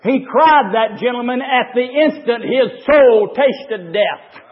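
A man preaching a fervent sermon to a gathering of men, swinging between shouts and low murmurs. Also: slow. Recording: dull echoey hall recording.

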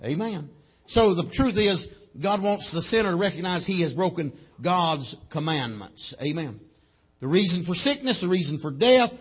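Husky-voiced preacher, loud then hushed. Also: male voice. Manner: swings from loud shouting to low and quiet, punctuated with amen. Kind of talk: sermon.

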